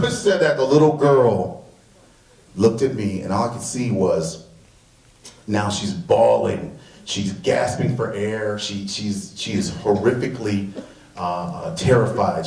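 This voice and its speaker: A man telling a personal story live on stage, animated and acting out the dialogue. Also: lowish voice. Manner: animated, acts out the dialogue and laughs at himself. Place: stage at a museum event hall. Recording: roomy hall, distant mic.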